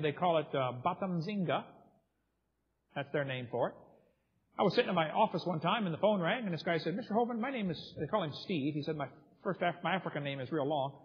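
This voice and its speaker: American guy lecturing, kinda husky, storytelling style, dull muffled recording with big hall echo. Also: fairly high pitch, a little fast. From United States. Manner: vivid storyteller reading out eyewitness accounts. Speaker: seminar speaker.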